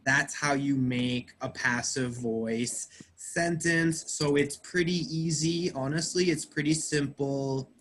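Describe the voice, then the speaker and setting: A man's voice: on the high side, slow, few pauses, a bit bright, slight background noise. A man teaching an English grammar class, explaining patiently step by step and quizzing his students.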